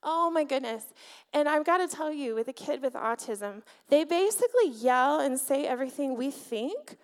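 A woman's voice: high voice, lively intonation, normal speed. Candid, heartfelt woman giving a sermon. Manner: conversational, candid, heartfelt, with filler words. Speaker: church speaker, pastor's wife. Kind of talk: sermon with personal storytelling. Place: church sanctuary before a congregation.

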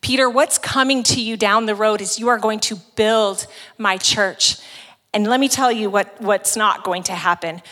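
A woman voicing a quoted male teacher, steady and solemn, in a long reverberant hall. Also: medium pitch, moderate pace, natural voice. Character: Jesus, calm commanding male teacher.

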